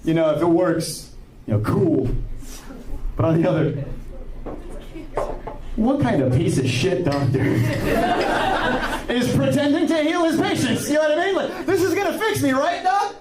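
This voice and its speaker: A man's voice: very high voice, lively intonation, a little slow, long pauses, a crowd in the background. A man calling into a stream, telling rambling jokes, stammering and laughing at his own punchlines. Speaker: caller. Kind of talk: casual call-in joke-telling. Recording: distant echoey voice-chat mic with background noise.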